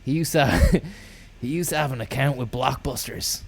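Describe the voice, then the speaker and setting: A man delivering a rambling, deadpan comic monologue full of absurd tall tales and casual swearing. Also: mid-range voice, normal speed, vocal fry, husky. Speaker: comedy podcast host.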